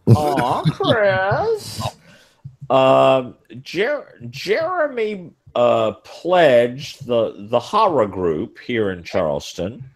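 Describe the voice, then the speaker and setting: Slow rambling man with a lively voice. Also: medium pitch. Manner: rambling, halting, many fillers. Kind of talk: casual group chat.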